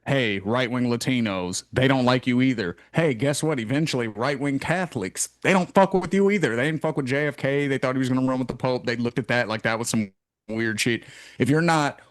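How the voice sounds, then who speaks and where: A man hosting a casual podcast chat, ranting in a profane, animated way. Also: mid-range voice, moderate pace, no room sound, clean studio sound. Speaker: podcast host.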